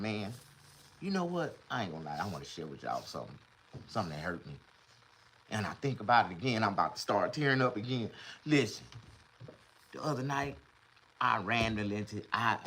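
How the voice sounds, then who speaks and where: A middle-aged man, talking casually on a livestream and swinging between loud mock crying and low muttering. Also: big pitch swings, brisk, long pauses, slight background noise.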